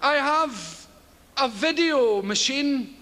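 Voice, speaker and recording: A man's voice: very high voice, expressive, slow pace. A Scottish man doing live stand-up comedy on stage, rambling and swearing in rhythmic bursts. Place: stage before a large live audience. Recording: noisy live show with loud crowd.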